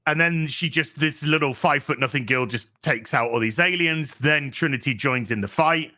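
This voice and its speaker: A man's voice: a little high, moderate pace, bright, forceful tone. A man hosting a podcast, ranting casually and sarcastically about a show, swearing a lot and acting out the characters' lines in exasperated voices. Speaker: podcast host. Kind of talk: casual review rant.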